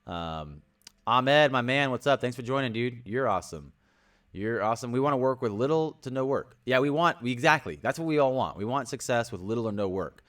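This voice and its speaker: A young man hosting a casual livestream, rambling and energetic, greeting viewers by name and sometimes yelling. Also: mid-range voice. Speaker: livestream host.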